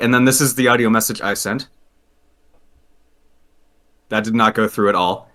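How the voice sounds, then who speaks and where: A man chatting casually on a podcast, animated and quick to laugh as he tells a story. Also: on the low side. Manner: animated, laughs often, trails into restarts. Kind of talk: casual hockey chat.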